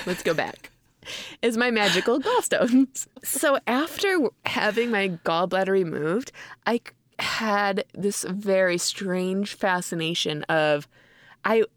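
A woman's voice: mid-range voice, lively intonation, slow, no echo. A young adult woman co-hosting a podcast, telling a rambling story in casual chat with frequent laughs. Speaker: podcast co-host.

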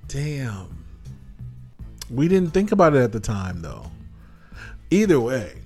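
On a casual film review podcast, a male co-host tells stories with animation, acting out scenes and laughing as he goes. His mid-range voice is gravelly with a breathy edge and a slow pace, over soft background music.

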